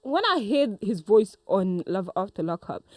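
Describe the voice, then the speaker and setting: A woman's voice: mid-range voice, normal speed, no echo, clean studio sound. A woman co-hosting a casual podcast chat, telling stories with lots of laughter. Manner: animated, laughing storyteller. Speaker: podcast co-host.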